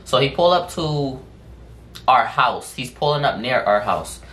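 A man casually telling a story on his vlog in slangy, profane speech, full of fillers and drawn-out phrases. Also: medium pitch, lively intonation, a bit bright, slight background noise. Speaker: storytime vlogger. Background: music in the background.

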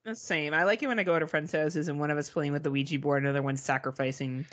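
A woman co-hosting a podcast, telling a story in casual chat, animated and swearing, mimicking beeps. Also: sits low, fast talker. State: arm in a sling. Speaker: podcast co-host.

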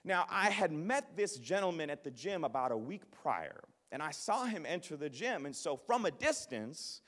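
Male pastor telling a funny story, bouncy voice, lots of echo from a big church hall. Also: a little high. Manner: animated, self-deprecating, joking. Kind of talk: sermon with personal storytelling. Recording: long reverb of a large hall.

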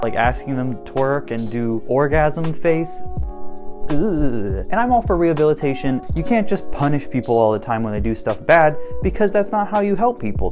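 A young man doing casual reaction commentary in a sarcastic, blunt and profane way. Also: medium pitch. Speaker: YouTube commentator.

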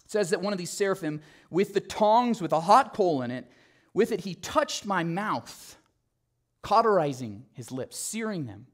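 A male pastor preaching a sermon, telling the story with animation and dropping to a soft, low voice on key phrases. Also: normal speed. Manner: animated storytelling, acting out quotes.

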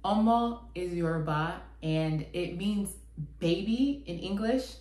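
A woman's voice: fairly low pitch, takes it slowly. Chatty woman host in an echoey room. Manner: chatty, relaxed, often says "like". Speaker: channel host. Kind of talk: casual explanatory talk to camera.

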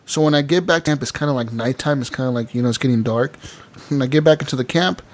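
A man hosting a casual gaming podcast, telling animated stories and laughing often. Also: medium pitch, fast. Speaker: podcast host. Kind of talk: casual chat.

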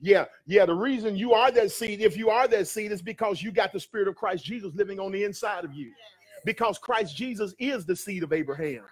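A male pastor preaching a sermon, calling out to the congregation and rising to shouts. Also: high voice, brisk, slightly rough. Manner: preaching with call-and-response, building to shouts. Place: church sanctuary.

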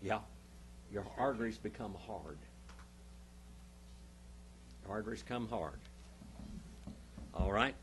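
A man's voice: fairly low pitch, lively intonation, takes it slowly, pauses often, husky. A male pastor teaching a Bible class, emphatic, stopping often to quiz his listeners with questions.

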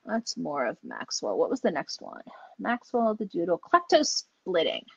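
A woman's voice: fairly low pitch, huge pitch swings, normal speed, gravelly, slightly rough, dry recording. A woman dog trainer teaching online, chatty and enthusiastic, acting out the dogs as she explains. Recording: dull lo-fi audio.

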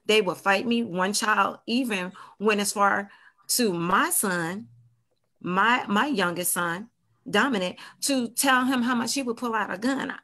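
A woman's voice: medium pitch, pushed and bright. A woman telling her own survival story on a podcast, earnest and candid, often speaking straight to the listeners. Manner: earnest, addresses listeners directly as "you guys". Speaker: domestic violence survivor guest. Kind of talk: personal testimony on a podcast.

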